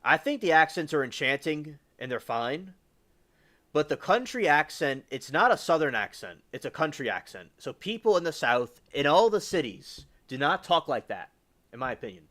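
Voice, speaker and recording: A man's voice: on the high side, big pitch swings, moderate pace, fairly bright tone. A man from the US South hosting a livestream, rambling casually with lots of fillers and restarts. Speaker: livestream host.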